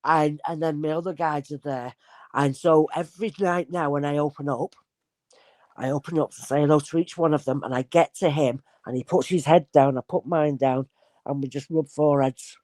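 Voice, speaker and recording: A woman's voice: sits low, normal speed, dry recording. A woman, a spirit medium guest telling stories casually and acting out the voices in them. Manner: animated, acts out voices in anecdotes. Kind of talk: casual storytelling conversation.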